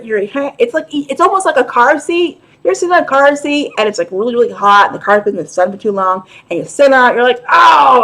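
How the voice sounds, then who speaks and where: High-voiced, chatty New woman. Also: a bit bright. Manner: chatty, frank and profane, with laughing asides. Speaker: vlogger and show host. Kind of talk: casual talk to camera.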